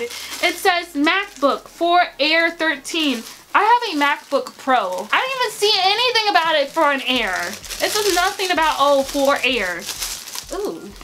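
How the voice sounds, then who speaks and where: A young woman vlogger giving a casual unboxing review, animated and swinging between excitement and exasperation. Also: high voice, background noise.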